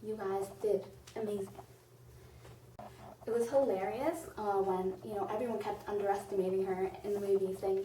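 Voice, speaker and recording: A woman's voice: mid-range voice, fairly even intonation, moderate pace, dark tone, far from the mic. A woman reviewing a movie in a casual vlog, gushing and rambling with lots of "like". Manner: gushing, rambling, heavy use of "like". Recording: roomy echo, off-mic, faint noise.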